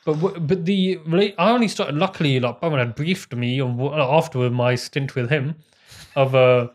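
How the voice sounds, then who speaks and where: A young man, telling stories in casual chat, animated and quick to laugh. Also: a little high. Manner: animated, laughs often, slangy. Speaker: podcast co-host.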